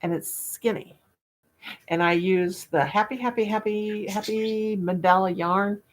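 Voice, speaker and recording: A woman's voice: mid-range voice, fairly even intonation, measured pace. An older woman, hosting a casual livestream chat with viewers, folksy and self-mocking, laughing at her own jokes. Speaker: livestream host.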